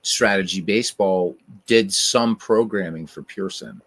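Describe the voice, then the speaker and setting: A man hosts a podcast in loose, casual conversation. He rambles and wanders off on tangents. His voice sits fairly low for a man. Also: a little slow, a bit bright. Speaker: podcast host. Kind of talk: casual chat.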